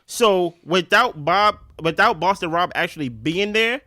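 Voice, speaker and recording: The speaker, a podcast co-host, explains a game strategy during a casual recap, talking rapidly and energetically and repeatedly saying "right?" His fairly high voice is captured close and dry, with no room sound.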